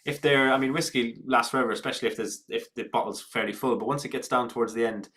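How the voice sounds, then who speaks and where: A man's voice: mid-range voice, steady tone, fast, a bit bright. A man from Ireland hosting an online whisky tasting, reading out viewer comments in a friendly, rambling way with frequent ums. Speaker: tasting host. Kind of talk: casual online tasting chat.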